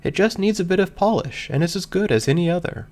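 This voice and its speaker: A man voicing a cheerful, gentle pony mare who talks in a soft, earnest, lilting way. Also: high-pitched, animated, fast talker, voice pushed up. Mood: gentle coaxing.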